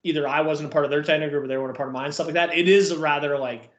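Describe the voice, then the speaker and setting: A man's voice: fairly high pitch, fairly even intonation, racing, highs cut off. Rambling young man, echoey room. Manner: rambling, many fillers. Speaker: podcast co-host. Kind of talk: casual chat.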